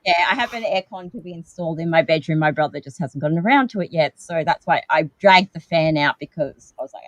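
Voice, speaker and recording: A woman's voice: deep voice, expressive, quick pace, few pauses, low-quality recording. A woman co-hosting a casual livestream from her bedroom, chatty and rambling, a bit tired and loopy from the heat. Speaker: co-host of a paranormal livestream. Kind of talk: casual chat. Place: bedroom at home. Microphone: video call setup.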